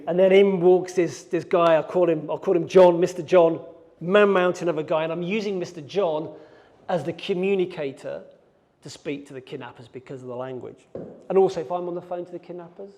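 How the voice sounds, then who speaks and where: A man's voice: high-pitched, steady tone, fairly quick, a little mellow. A middle-aged man giving a keynote talk on stage. He tells a dramatic story and acts out scenes and his own thoughts. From Birmingham, England. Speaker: keynote speaker, hostage negotiator. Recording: long reverb of a large hall.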